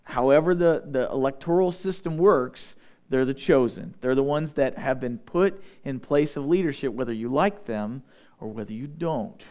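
A young adult man preaching a sermon, reading scripture aloud and slowing down to stress key words. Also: mid-range voice, warm tone. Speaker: pastor.

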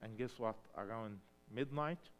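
A man preaching a sermon in English, which is not his first language, swinging between loud emphatic cries and hushed storytelling. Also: fairly low pitch, measured pace, slight background noise. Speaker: pastor.

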